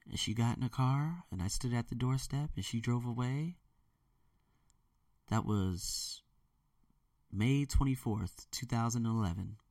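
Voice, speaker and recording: A man's voice: mid-range voice, a little mellow, dry recording, studio quality, distant mic. A man telling a candid, rambling personal story in a vlog, sometimes mimicking others. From United States. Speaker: vlogger.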